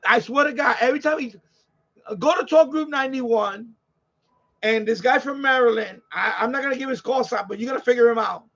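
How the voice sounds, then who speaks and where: A man's voice: extremely high pitch, brisk, a bit bright. A man with a New York accent hosting a live stream in casual chat, ranting and rambling with plenty of swearing and repeats. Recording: slightly dull lo-fi audio.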